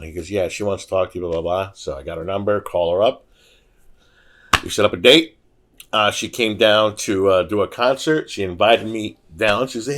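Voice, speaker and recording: This man, speaking at an ordinary speed in a fairly low register, is a guest on a podcast. His storytelling is relaxed but lively, and he mimics the voices of anyone he quotes.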